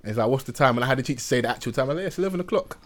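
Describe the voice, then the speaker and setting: A young man with a London accent, telling animated stories in casual chat full of slang. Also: medium pitch, racing, a little hiss or hum.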